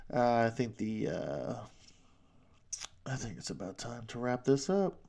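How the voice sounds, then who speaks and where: A man's voice: mid-range voice, sing-song, takes it slowly, vocal fry, a little mellow. A man from New York rambling through a solo podcast monologue, joking at his own expense and swearing casually. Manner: rambling, self-deprecating, profane jokes. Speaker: podcast host.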